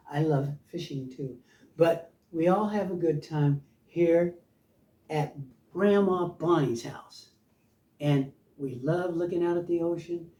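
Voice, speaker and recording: The voice is mellow and on the high side: an older man, a guest, spinning rambling, playful childhood stories at a house by the ocean. The room sounds spacious and he's recorded from a distance.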